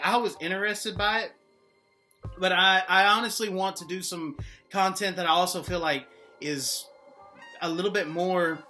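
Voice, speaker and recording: Young man vlogger, loose rambling talk, bright forward tone, faint music behind. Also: a little high. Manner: rambling, joking, heavy use of "like". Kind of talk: casual monologue.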